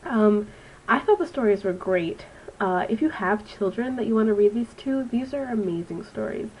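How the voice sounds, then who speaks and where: A woman's voice: mid-range voice, animated, normal speed, a little mellow, slight background noise, poor audio. A woman in her twenties with a stuffy, nasal voice from allergies, giving a rambling, casual book review on her vlog. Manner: chatty and rambling, with frequent ums. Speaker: student teacher reviewing a book.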